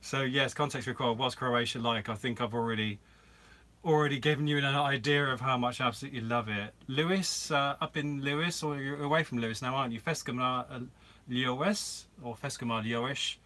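A man with a bright, forward voice talks casually on a live stream from inside a camper van. He rambles a little, loses his thread now and then and breaks off to greet viewers by name. The pitch sits mid-range, and the delivery is relaxed and conversational. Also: brisk. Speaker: vlogger hosting a live Q&A.

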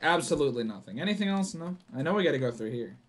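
A young man playing a horror game for his channel, reading the notes aloud, swearing and yelling when startled. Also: on the high side, very animated, rapid-fire. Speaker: gaming YouTuber. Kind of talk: horror game let's play commentary.

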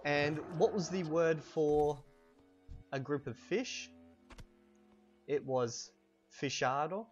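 A man giving a casual language lesson while playing a video game, saying example phrases slowly and making quick offhand asides. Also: on the high side, darkish tone, dull audio, faint music behind. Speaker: language teacher and gamer. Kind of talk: casual lesson over gameplay.

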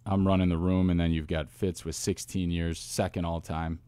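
A man, a football coach, telling stories in a casual interview with lively asides and restarts. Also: low-pitched, clear, resonant tone, no room sound. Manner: animated storyteller, quick asides and restarts. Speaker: wide receivers coach, guest.

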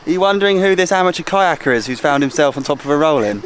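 A man's voice: fairly high pitch, expressive, very fast, background noise. A man chatting casually and joking with a friend at an outdoor bike track. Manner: chatty, self-mocking banter. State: out of breath. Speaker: vlogger and rider. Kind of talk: casual chat.

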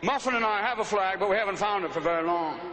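A man voicing a wistful, patriotic talking flag with a high, bright, lively voice. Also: fast talker, echoey room, in a large hall, background noise, natural voice. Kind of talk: comic voice acting.

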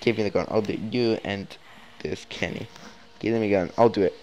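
A man's voice: lowish voice, fairly even intonation, a little fast, darkish tone. A young man giving casual, emotional commentary over a video game, rambling and exclaiming often. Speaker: let's play gamer.

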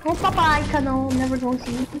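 A woman's voice: high-pitched, fast talker, background noise. A woman gaming with a friend, boastful and goofy in casual chat. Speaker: gamer.

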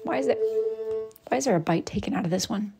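A woman hosting a casual live stream, making quick teasing asides to viewers. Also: mid-range voice, expressive, creaky, music in the background. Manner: quick asides, teasing and mildly annoyed with commenters. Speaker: live-stream host, wood-burning artist.

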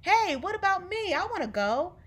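A woman's voice: extremely high pitch, sing-song, normal speed, pitched above the performer's own voice. A woman reading aloud and voicing an eager young girl who pleads plaintively not to be left out. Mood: pleading. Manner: plaintive, pleading, dialect speech.

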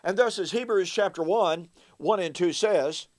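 A man's voice: high voice, normal speed. A man giving a recorded Bible teaching, emphatic and fond of rhetorical questions aimed at his listeners.

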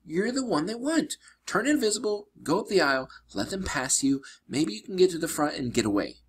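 A man reading a storybook aloud and voicing a clever, quick-thinking young girl, urgent and decisive, pitched well above his own voice. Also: very animated, husky, exaggerated voice.

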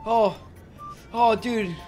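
High, excitable male gamer. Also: very slow, faint music behind. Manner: excitable, yelling at game events. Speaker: game streamer. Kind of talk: gameplay commentary.

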